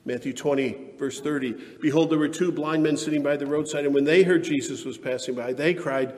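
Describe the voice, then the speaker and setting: A man preaching a sermon, his voice sitting a touch higher than most men's. He talks earnestly and emphatically, building to fervent peaks. The sound rings with a long reverb from a large hall. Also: fairly quick, hardly any pauses, a little mellow. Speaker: pastor.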